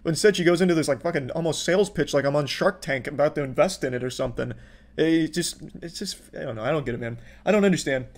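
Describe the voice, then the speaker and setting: A man's voice: a little high, fast talker. Sarcastic swearing male commentator. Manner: sarcastic, exasperated, swears freely. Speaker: commentary youtuber. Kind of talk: profane commentary.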